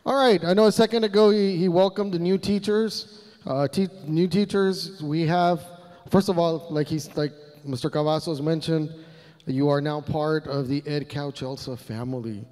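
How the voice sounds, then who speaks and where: A man hosts a school district assembly, calling out chants to the crowd with energy. His voice is high and smooth. It rings with the long reverb of a big hall heard through the PA. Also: normal speed. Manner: energetic, leads call-and-response chants. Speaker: emcee. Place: large hall.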